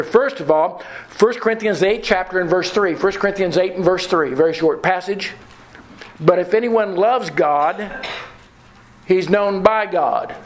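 A man preaching a sermon in an earnest way, slowing down and repeating phrases to stress the scripture he quotes. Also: high-pitched, low-quality recording.

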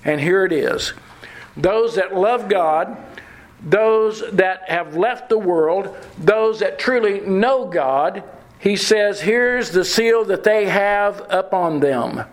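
A man preaching a sermon in an earnest way, slowing down and repeating phrases to stress the scripture he quotes. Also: sits high, rough recording.

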